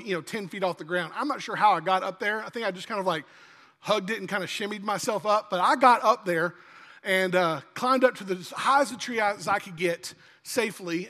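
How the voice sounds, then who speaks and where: A man's voice: high-pitched, fairly quick, sharp tone. A man preaching a sermon in a church, telling a folksy story. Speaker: pastor. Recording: long church-hall reverb.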